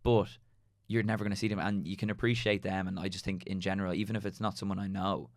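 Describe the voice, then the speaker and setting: A man's voice: low voice, fast talker, no echo, studio quality. A young Irish man chatting casually on a podcast, telling stories and acting out the things people said. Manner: animated storyteller acting out quoted remarks.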